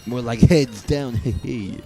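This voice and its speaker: A man's voice: medium pitch, animated, takes it slowly, mellow. Profane, rambling young male game streamer. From southern US. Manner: rambling, profane, jokey asides. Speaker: gaming streamer. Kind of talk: casual let's-play commentary. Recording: faint game music behind.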